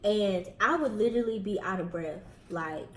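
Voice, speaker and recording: A woman's voice: medium pitch, moderate pace, roomy sound, a little hiss or hum, low-quality recording. A young woman with a Southern US accent, a bit out of breath, chatting casually with viewers while eating. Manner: chatty, addresses viewers directly. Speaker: vlogger host.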